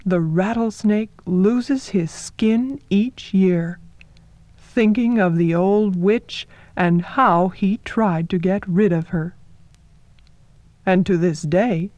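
A woman narrating a folktale in a soft, measured storytelling manner, sometimes dropping to a whisper. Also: mid-range voice, no room sound.

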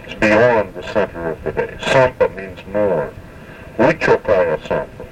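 A man with a lowish voice teaches a spoken language lesson at a very slow, careful pace, repeating each word for its pronunciation and pausing often. He sits a little away from the mic, with a faint hiss under the recording. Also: far from the mic, rough recording.

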